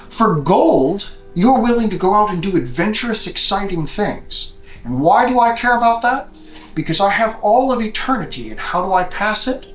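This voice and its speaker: A man voicing Hades, the male god of the dead, with a put-on Scottish-style drawl, amused and grand, in an echoey room with faint music. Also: high-pitched.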